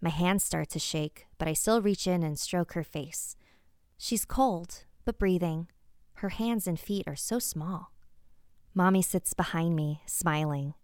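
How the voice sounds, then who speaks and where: Brief: woman podcast host, measured scripted narration, low voice, dry close sound. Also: darkish tone, no room sound. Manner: measured first-person storytelling.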